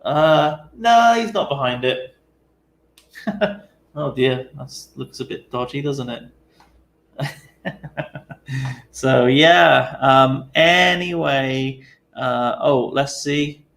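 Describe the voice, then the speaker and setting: Young male streamer from the UK: slow, gravelly, tired, casual and chatty. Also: mid-range voice. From United Kingdom. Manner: relaxed, chatty, many fillers, laughs easily. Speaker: live stream host. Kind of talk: casual live-stream chat.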